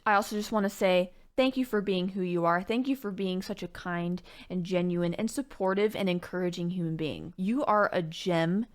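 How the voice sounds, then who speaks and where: A young woman unboxing birthday gifts on her vlog, gushing thanks and tossing in jokey asides. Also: medium pitch. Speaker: gaming YouTuber unboxing gifts. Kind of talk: casual vlog chat.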